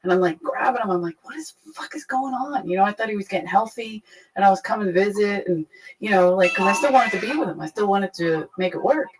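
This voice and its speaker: A young adult woman frankly retelling a painful personal story, profane and animated. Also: medium pitch, fast, husky, rough recording. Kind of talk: candid conversational storytelling.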